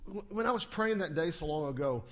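A man's voice: fairly high pitch, animated, fairly quick. A male pastor preaching a Sunday sermon, acting out quotes and asking his congregation questions.

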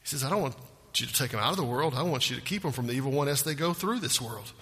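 A man's voice: mid-range voice, animated, rapid-fire, fairly bright tone, husky, long reverb tail. A man preaching a sermon, earnest and emphatic, asking rhetorical questions. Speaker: pastor.

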